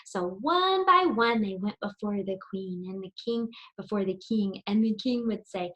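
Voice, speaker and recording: A woman's voice: mid-range voice, expressive, moderate pace, a bit bright, lo-fi sound. A middle-aged woman teaching preschool children, telling a story and leading circle time in a sing-song, encouraging way, asking them lots of questions.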